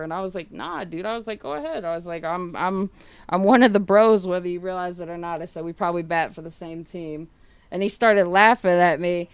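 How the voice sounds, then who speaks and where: Low, smooth-voiced woman rambling a story. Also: no room sound. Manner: rambling, full of fillers and casual swearing; retells others' words in quoted dialogue. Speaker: streamer. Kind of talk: casual storytelling to viewers.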